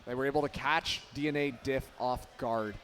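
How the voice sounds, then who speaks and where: A man casting a live esports match with energetic play-by-play that rises to shouts on big plays. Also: mid-range voice, moderate pace, slight background noise. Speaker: esports caster.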